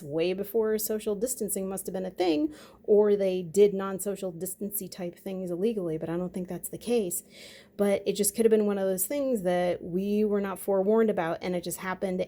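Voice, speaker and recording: A woman's voice: medium pitch, dark tone. A middle-aged woman talking on her own channel in a rambling, conversational monologue full of fillers. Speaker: vlogger. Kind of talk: casual monologue.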